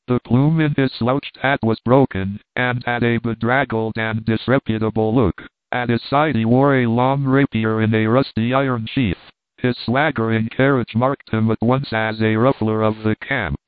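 A man's voice: medium pitch, fairly even intonation, moderate pace, clean tone, no echo. Man narrating over a tinny line. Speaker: audiobook narrator. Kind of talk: storybook narration. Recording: dry tinny phone-like sound.

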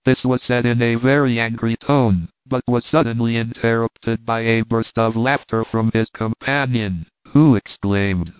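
A man reading a classic adventure novel aloud in a measured, even storytelling manner. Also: medium pitch, clean tone, no echo. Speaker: audiobook reader. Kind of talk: scripted narration. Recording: tinny phone-like dry sound.

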